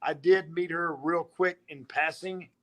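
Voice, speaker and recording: A man's voice: on the high side, steady tone, measured pace. A man who coaches, chatting casually on a stream in an easygoing, rambling way. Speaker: coach and co-host.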